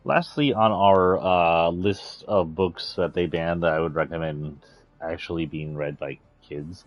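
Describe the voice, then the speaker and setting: A man's voice: low voice, unhurried, no room sound, lo-fi sound, soft background music. A man streaming a video game, chatting casually in an offhand, rambling way and swearing now and then. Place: indoors, playing a video game.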